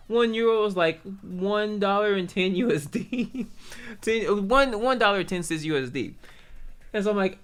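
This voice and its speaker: A man's voice: high voice, lively intonation, moderate pace, smooth. A man telling a story in a casual vlog, swearing freely, with lots of stumbles and restarts. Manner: profane, rambling, lots of restarts. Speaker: YouTuber.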